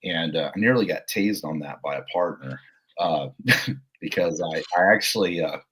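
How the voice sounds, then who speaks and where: A middle-aged man with a deep, husky voice tells stories as a podcast guest. He rambles from one anecdote to the next in a relaxed, joking way. His stories are told like a cop's war stories. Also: moderate pace. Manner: rambling, jokey anecdotes with laughs. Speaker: podcast guest, police officer. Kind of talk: storytelling interview.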